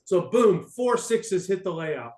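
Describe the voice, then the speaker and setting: A man's voice: sits high, expressive, darkish tone. Amused man telling a story, roomy sound. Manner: halting, many restarts, amused. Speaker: storyteller on a panel. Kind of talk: casual anecdote told to an audience.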